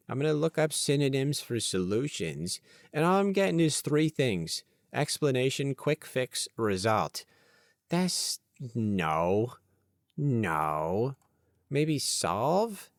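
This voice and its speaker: A man talks through his own podcast in a loose, playful ramble, chasing ideas out loud as they come. His voice sits in a middle pitch, recorded close on a desk mic with a dry, deadened sound. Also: vocal fry, no echo. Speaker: podcast host. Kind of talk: casual solo podcast talk.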